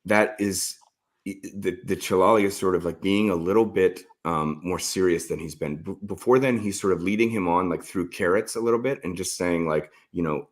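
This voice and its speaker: A man's voice: deep voice, normal speed. A man, the author, talking earnestly and with feeling about his novel in an interview. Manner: earnest, heartfelt and reflective.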